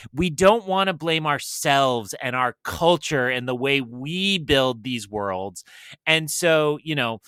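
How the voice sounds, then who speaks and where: A man's voice: medium pitch, sharp tone, clear, resonant tone, no echo. A middle-aged man on a film podcast, talking at length in a casual discussion and thinking aloud with many restarts.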